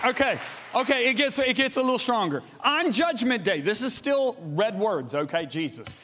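A middle-aged man preaching a sermon, emphatic and animated, swinging between loud and hushed delivery. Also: very high voice, normal speed, a faint crowd. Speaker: pastor. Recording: long hall reverb.

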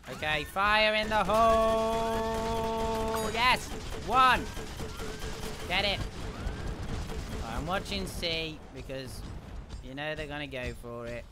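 A man giving excitable, chatty commentary as he livestreams a game, muttering sing-song to himself. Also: high-pitched, slow pace, long pauses, music in the background. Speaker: gaming livestreamer. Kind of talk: live gameplay commentary. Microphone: desk mic, no headset. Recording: game sound clearly behind the voice.

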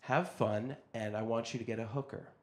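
Guy putting on a blunt gambler dad, low and hushed, matter-of-fact. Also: fairly even intonation, moderate pace, reverberant, very noisy, lightly acted. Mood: gruff. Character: gruff, blunt middle-aged gambler dad.

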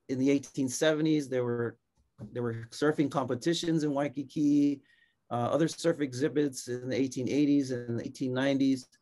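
A man from Hawaii giving a conversational slide lecture as a guest historian, relaxed, often checking in with a quick question. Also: mid-range voice. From Hilo, Hawaii. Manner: relaxed, frequent tag questions. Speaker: guest speaker, surf historian.

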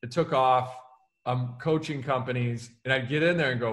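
With a mid-range voice and a moderate pace, an American man who writes books and gives keynotes responds to interview questions energetically, dramatizing the words he quotes.

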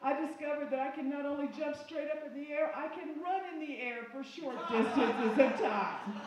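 A woman's voice: high voice, moderate pace, a little mellow, a little hiss or hum. A woman with a Southern accent doing brash, bawdy stand-up comedy at an open mic in a small bar. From Colorado-based, from the US. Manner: brash, bawdy, folksy punchlines. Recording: echoey bar room, distant mic.

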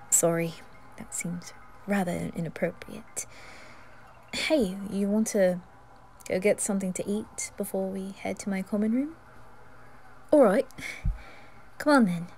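Woman voicing a teenage boy wizard, whispered role-play, high voice, stammering, shy, faint hiss behind. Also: takes it slowly, pauses often, a little mellow. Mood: flustered. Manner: stammering, flustered, apologetic. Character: teenage schoolboy wizard, nervous and friendly.

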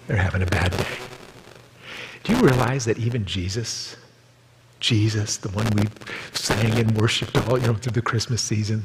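A man preaches as a pastor, telling stories and playing the people in them, raising his pitch for quoted voices. It's recorded in a church sanctuary, with a big-room sound and background noise.

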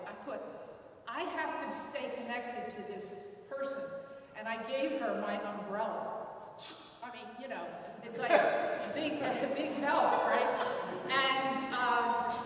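An older woman giving a speech, telling a personal story in an earnest, halting way with repeated words. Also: high-pitched. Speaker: invited speaker. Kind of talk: personal story in a public talk. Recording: echoey hall from far off.

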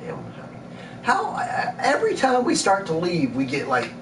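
A man's voice: sits high, wildly swooping pitch, a little slow. A man, co-hosting a casual live stream in a playful, goofy way. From Mobile, Alabama. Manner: playful, goofy, bouncing between voices. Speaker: co-host. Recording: roomy, distant mic, noisy ambience.

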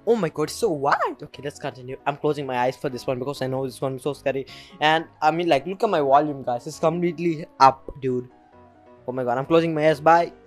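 A young man filming a reaction vlog, excitable and jumpy, with frequent shrieks and nervous laughter into a desk mic. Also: a little high, fast, soft background music. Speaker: reaction video creator. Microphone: desk mic with headphones.

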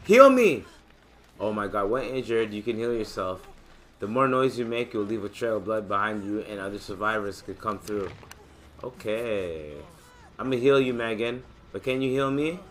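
A man casually commentating his gameplay, excitable and joking, with loud profane outbursts. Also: on the low side, moderate pace. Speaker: gamer and channel host.

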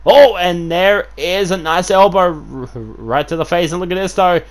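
A man giving excitable play-by-play commentary over a wrestling video game, full of fillers and sudden shouts at big moves. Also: high voice, moderate pace. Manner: excitable, filler-heavy, keeps saying "of course", bursts into shouts at big moves.

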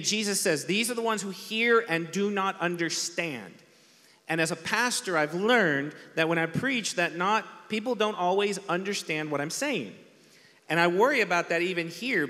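Through a church PA in a large hall, long reverb trails a man's fairly high, bright and forceful voice. As pastor, he delivers a conversational sermon, self-deprecating and acting out the quotes he uses.

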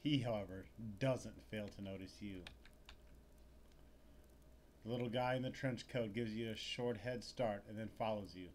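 A man's voice: on the low side, moderate pace, long pauses, darkish tone, a little hiss or hum. A man hosting a let's play, reading the game's narration aloud in a wry, playful way. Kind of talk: reading game text aloud with commentary.

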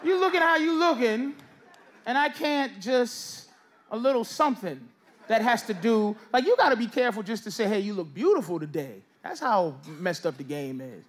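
A middle-aged man doing a stand-up set, loud and teasing as he banters with the audience. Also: extremely high pitch, expressive, normal speed. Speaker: stand-up comedian. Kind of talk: stand-up set with crowd work. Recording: live club recording with crowd noise. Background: audience laughter.

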